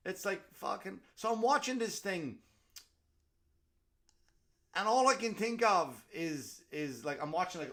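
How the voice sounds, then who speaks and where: A young man hosting a comedy podcast, ranting in a rambling, profane, animated way, full of restarts and put-on quotes. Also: sits high, measured pace, pauses often.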